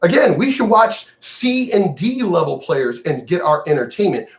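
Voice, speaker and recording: Older man, vlogger, sneering profane rant, slightly high voice. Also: sing-song, normal speed. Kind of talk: angry direct-to-camera rant.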